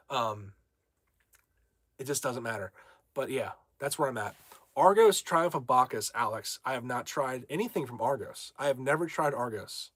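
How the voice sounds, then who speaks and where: A man's voice: medium pitch, fairly bright tone, dry recording. A young man hosting a casual livestream from home, brash and rambling as he reads viewer comments aloud. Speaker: livestream host.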